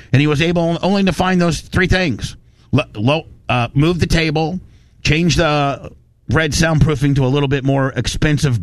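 A man hosting a radio talk show, telling a story in animated bursts and ranting with lots of restarts. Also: fairly high pitch, dry recording. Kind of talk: casual talk radio banter.

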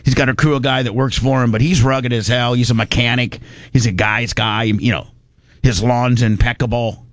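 A man's voice: mid-range voice, fairly even intonation, normal speed, no echo. Rambling middle-aged storyteller man. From Indiana. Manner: rambling, many restarts, salty. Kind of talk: casual storytelling.

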